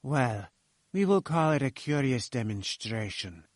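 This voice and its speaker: A man's voice: mid-range voice, very animated, a little slow, no echo. A man doing a sly wheedling inventor. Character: sly male inventor, nervous and oily.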